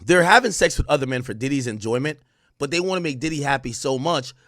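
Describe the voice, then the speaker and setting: A man, animated and profane, reacting to news on a livestream and reading out testimony. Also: quick pace, dry recording, studio quality. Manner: animated, swings from loud outbursts to low mutters; profane, reads court testimony aloud. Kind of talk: casual livestream commentary.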